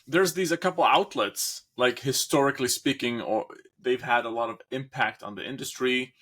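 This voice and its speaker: A man's voice: mid-range voice, normal speed, fairly bright tone. A man hosting a casual podcast, rambling and searching for words as he talks. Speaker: host.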